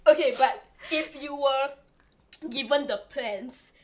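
A young woman in casual chat with friends, reading a story aloud in a low-key way. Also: slow pace.

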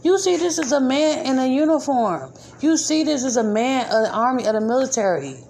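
A woman with a somewhat high-pitched voice hosts her own podcast, talking in loose, colloquial speech. She hammers her points home by repeating them with indignant emphasis. Faint ambient noise sits underneath her voice. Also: animated, fairly quick, creaky, darkish tone. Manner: informal, colloquial grammar. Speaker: podcast host. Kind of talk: casual spoken commentary.

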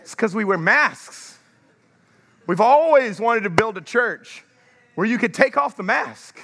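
A male pastor with a high, bright, forceful voice preaches an energetic sermon. He keeps drawing the congregation to answer. His words ring out in the long reverb of a large church. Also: unhurried. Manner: energetic, calls for congregation response.

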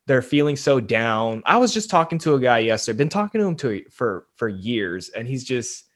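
A man's voice: mid-range voice, sing-song, normal speed. A young man talking casually on a podcast, rambling with lots of fillers and speaking frankly. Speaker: podcast host, guest.

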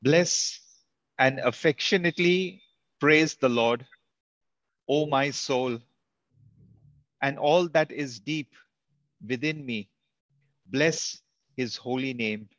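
Slow, measured man reading scripture. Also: medium pitch, fairly bright tone, no echo, highs cut off.

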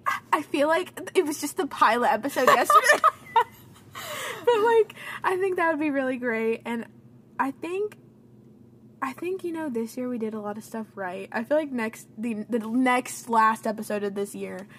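Young woman podcast co-host, bedroom setup, higher voice, animated, dramatic. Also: moderate pace, slight background noise. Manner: animated, laughing, dramatic storytelling. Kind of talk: casual chat. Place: dimly lit bedroom.

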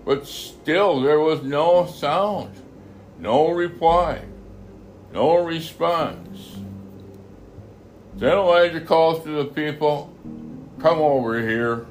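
A man reading a Bible passage aloud, halting often to repeat and correct his phrases. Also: fairly high pitch, a little hiss or hum. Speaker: scripture reader.

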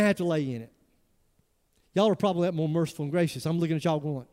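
A man, preaching with animated emphasis. He fires off rhetorical questions at his congregation. His voice carries a long hall reverb from a church sanctuary. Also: a little high, quick pace, long pauses. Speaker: pastor. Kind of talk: sermon.

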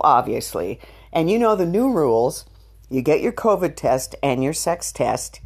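Middle-aged woman, deep breathy voice, unhurried, lively pitch, giggly frank vlog talk. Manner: candid, bawdy, giggly storytelling. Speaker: vlogger. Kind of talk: casual dating update vlog.

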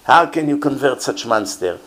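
A man's voice: mid-range voice, expressive, normal speed, a bit bright. A man teaching as a rabbi in an earnest, emphatic sermon, often repeating rhetorical questions.

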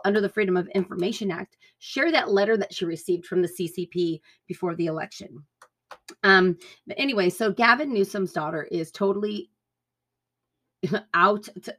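A woman's voice: fairly low pitch, fairly bright tone. Profane ranting woman. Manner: angry, profane, rambling. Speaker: podcast host. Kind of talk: political rant monologue.

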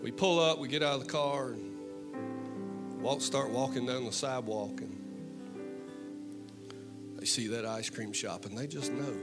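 Here the preacher's voice is medium in pitch, and he pauses often while moving at a measured pace. On a church stage backed by gentle guitar worship music, his sermon swings from fervent appeals to joking anecdotes.

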